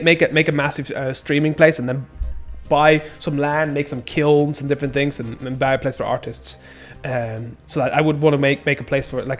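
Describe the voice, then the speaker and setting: A man streaming in casual chat, rambling with many fillers and restarts and swearing bluntly. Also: medium pitch.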